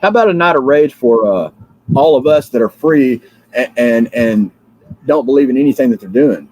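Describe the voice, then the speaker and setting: A man's medium-pitched, darkish voice carries lively intonation at normal speed over a low-quality recording with a bit of hiss or hum. He's a drowsy American livestream host who just woke up, ranting about politics in a fiery, repetitive ramble with many fillers and restarts.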